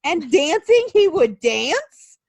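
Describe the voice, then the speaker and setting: Bubbly, high-voiced woman podcast co-host. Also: very animated, slow pace, a little mellow, no room sound. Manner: gushing, giggly, swears casually. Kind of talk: casual chat.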